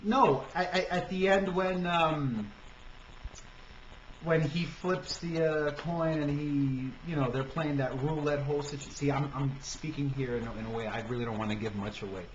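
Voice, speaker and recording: A man's voice: on the high side, moderate pace. A man hosting a casual film review podcast, talking hesitantly with many fillers and restarts. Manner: hesitant, stammering, lots of fillers. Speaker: podcast host. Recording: dull lo-fi amateur podcast recording with faint noise.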